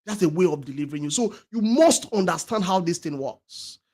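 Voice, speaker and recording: A man with a high-pitched voice delivers a motivational talk as a talk show host. He hammers his points with loud stresses and repetition, stumbling over restarts, and lets some phrases drop almost to a murmur. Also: animated, a little fast. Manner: emphatic, repeats key phrases, many restarts; swings between loud stresses and quiet trailing words.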